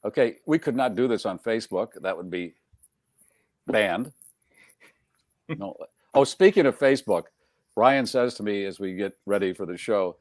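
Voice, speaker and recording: A man's voice: on the low side, animated, moderate pace, long pauses, a little mellow, no echo. Male host, jokey rambling chatter, dry close studio sound. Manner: jokey, rambling, laughs often. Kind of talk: casual chat.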